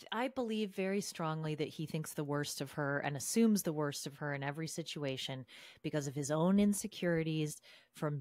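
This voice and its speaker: A woman's voice: low-pitched, no room sound. Chatty woman, dry close sound. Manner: animated, chatty, quotes people in put-on voices. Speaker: podcast co-host. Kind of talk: casual recap chat.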